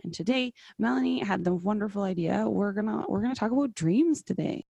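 Gravelly-voiced woman podcast host. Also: mid-range voice, animated, a little fast, mellow, dry recording, muffled recording. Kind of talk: podcast intro and casual chat.

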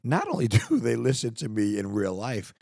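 A man's voice: medium pitch, wildly swooping pitch, moderate pace, gravelly, darkish tone, husky, dry recording, studio quality. A middle-aged man hosting his own podcast, talking in a rambling, earnest way with many restarts. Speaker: podcast host. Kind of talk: casual solo podcast monologue. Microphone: studio microphone.

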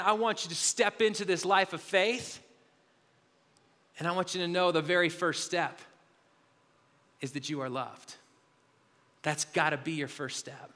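Earnest guy pastor preaching, kinda high voice, lots of restarts, big echoey hall sound. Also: pushed and bright. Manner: earnest, confessional, many restarts and repeated words. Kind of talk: sermon. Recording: hall reverb.

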